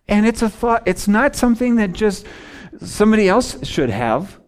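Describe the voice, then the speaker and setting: A pastor delivering a sermon at a mid-range pitch, preaching with real drama. The voice rises to urgent, exclaiming peaks and then sinks to hushed, almost whispered lines. It often slips into the first person to speak as a weary, struggling sinner. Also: sing-song, normal speed.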